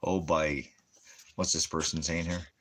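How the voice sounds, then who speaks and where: A man's voice: a bass voice, level tone, a little slow, a bit bright. A man hosting a ministry show, delivering a ranting religious commentary in a mocking, sarcastic way, chuckling between jabs. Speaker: ministry host.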